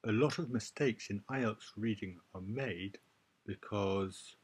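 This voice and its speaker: A man's voice: on the low side, breathy edge. A male teacher giving an exam-prep reading lesson, who explains step by step and stresses key points. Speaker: IELTS teacher.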